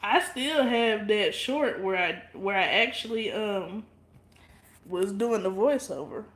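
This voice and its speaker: A blunt, profane woman chats loosely, laughing often. Her voice sits at a middling pitch. The room around her rings with echo. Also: expressive, slow pace, a bit bright. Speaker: livestream vlogger. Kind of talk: casual livestream chat with viewers.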